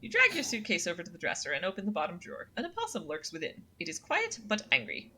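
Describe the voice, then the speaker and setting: A young woman streaming a story game speaks quickly in a fairly low voice whose pitch swoops wildly, her tone bright and forceful. The recording carries a little hiss or hum. She's chatty, reading the game text aloud in second person with ums and uhs, as casual let's-play commentary.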